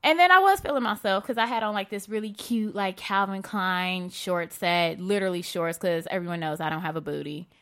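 Young woman cohosting a podcast, blunt and animated, tells stories with little quoted bits. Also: mid-range voice, a little fast, hardly any pauses. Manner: candid, animated storytelling with quoted asides. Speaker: podcast co-host. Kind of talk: casual chat.

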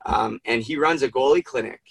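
A man's voice: mid-range voice, a little fast, gravelly, breathy edge, dry recording, rough recording. A man hosting a casual interview, emotional and rambling, swearing freely. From Canada. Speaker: podcast host.

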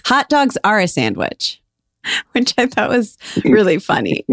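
A woman's voice: medium pitch, huge pitch swings, a little slow, gravelly, a bit bright, dry recording. British woman, podcast co-host, giggly and chatty, dry close mic. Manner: giggly, chatty, reads petitions aloud. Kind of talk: casual chat.

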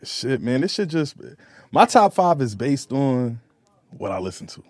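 A man is a guest on a hip-hop podcast, with a mid-pitched voice. He talks in a laid-back way, often hesitant, and laughs easily. The recording is dry and close. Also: big pitch swings, unhurried, a little mellow, no echo. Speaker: guest rapper. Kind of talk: casual podcast interview.

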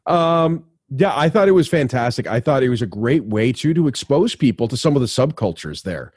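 A man's voice: medium pitch, animated, brisk, a little mellow, husky, no echo, studio quality. A North American man chatting casually about a film, easygoing and talkative. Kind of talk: casual movie review chat.

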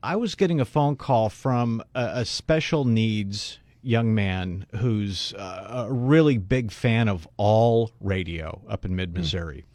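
A man co-hosting a radio talk show, telling a story in an animated way. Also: fairly low pitch, slow, few pauses, dry recording. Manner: animated storyteller, voices the people in his story. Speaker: radio co-host. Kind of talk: casual radio chat, storytelling.

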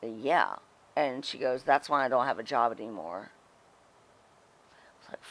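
A woman's voice: very deep voice, expressive, unhurried, pauses often. A middle-aged woman, a guest on an interview show, telling stories bluntly and emphatically, with frequent swearing. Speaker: guest, former wrestling personality. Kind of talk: candid interview storytelling.

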